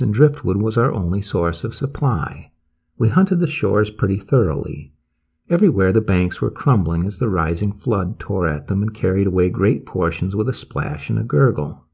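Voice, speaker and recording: A man narrating a classic story as an audiobook, measured and expressive, with a husky voice. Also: fairly low pitch.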